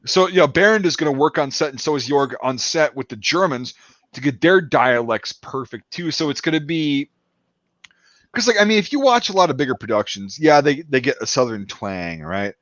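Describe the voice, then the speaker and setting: Speaking at a moderate pace with a medium-pitched, animated, fairly bright voice, a man casually discusses his film production on a podcast. He rambles with many fillers and restarts, and the recording is muffled though echo-free.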